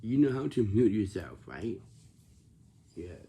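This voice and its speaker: Slow, gravelly man lecturing on manners. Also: lowish voice, big pitch swings, mellow. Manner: repetitive, lecturing about manners. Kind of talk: casual talk to camera.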